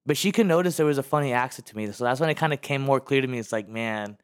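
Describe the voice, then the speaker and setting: A man's voice: mid-range voice, fast, clear, resonant tone. Laid-back American male guest, thoughtful and reflective, drifts off mid-sentence. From United States. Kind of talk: casual chat.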